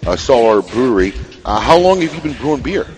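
Male radio host, lively pitch swings, loose joking chat, keeps interviews rolling. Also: fast. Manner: animated, laughing, interrupting. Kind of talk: casual radio talk show chat.

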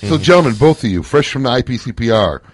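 A man's voice: medium pitch, fast talker. A man hosting a casual radio talk show, teasing his guests and joking between questions. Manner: jokey, teasing, lively interviewer.

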